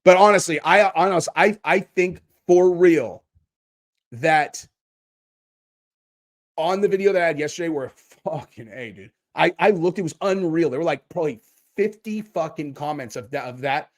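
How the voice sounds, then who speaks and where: A man hosting a livestream in casual chat, rambling, excitable and swearing constantly. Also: a little high, normal speed. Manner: profane, rambling and excitable, with many restarts. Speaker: livestream host.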